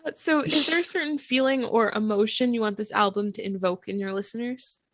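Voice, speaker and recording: A woman co-hosting a podcast, bubbly and quick to react and laugh. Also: a little high, no room sound. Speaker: podcast co-host. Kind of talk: casual podcast interview.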